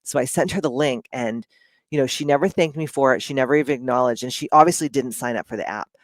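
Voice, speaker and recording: A woman's voice: rumbling low, fast, no echo. A woman speaking in a casual, blunt monologue, with frequent swearing and lots of "like".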